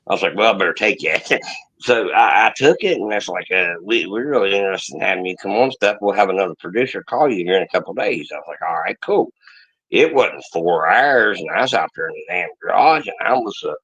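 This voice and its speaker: Dude cussing through a story, bright husky voice, lively ups and downs. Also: male voice, lowish voice, rough recording. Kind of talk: casual storytelling chat.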